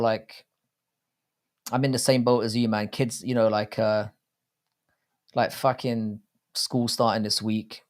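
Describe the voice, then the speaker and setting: Guy in his 30s streaming a watchalong, swearing a lot, blunt and rambly, chatting with viewers, mid pitch. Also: a little mellow. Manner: profane, blunt, rambling banter with chat. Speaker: livestream host. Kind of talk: casual livestream watchalong commentary.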